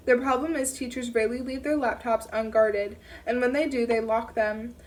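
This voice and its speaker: A woman narrating a first-person audiobook in a steady reading voice, now and then correcting herself. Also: on the high side, moderate pace, recorded from a distance. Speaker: audiobook reader.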